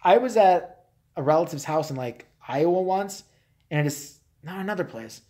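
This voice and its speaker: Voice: medium pitch, animated, normal speed, warm tone. A live-show host from Chicago chatting casually, rambling through stories, laughing often and swearing a lot. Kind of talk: casual live-stream chat.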